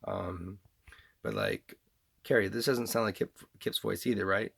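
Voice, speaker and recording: A man's voice: low-pitched, sing-song, measured pace, creaky, fairly bright tone, breathy edge. A man with a slight Southern accent giving a rambling monologue, talking about himself in the third person and restarting often.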